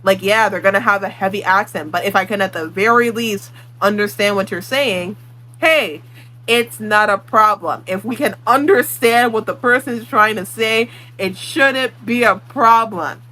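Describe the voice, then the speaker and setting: A woman's voice: mid-range voice, moderate pace, sharp tone, rough recording. A woman book vlogger ranting her opinions in casual talk, blunt and exasperated, swearing freely. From Puerto Rican.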